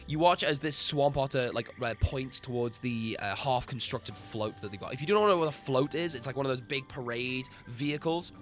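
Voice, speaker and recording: A man's voice: mid-range voice, moderate pace, few pauses, a bit bright. Rambling man running a streamed tabletop game. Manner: rambling, laughs often, addresses chat. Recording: lo-fi stream with faint music.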